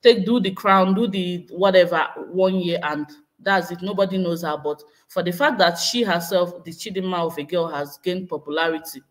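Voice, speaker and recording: A woman's voice: on the low side, normal speed. A woman vlogger in casual live-stream commentary, speculating and hedging as she reads out and answers viewer comments. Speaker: vlogger hosting a live chat.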